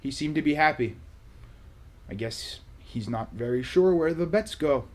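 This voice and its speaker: A man hosting a vlog, telling a casual story in a sarcastic, animated way. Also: a little high, a little slow. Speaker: vlog host.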